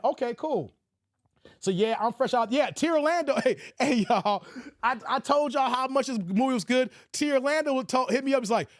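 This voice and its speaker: A man hosting a livestream who talks about movies in a casual, animated, slangy way. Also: very high voice, normal speed, no echo, studio quality. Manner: animated, slangy, laughs often. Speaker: livestream host.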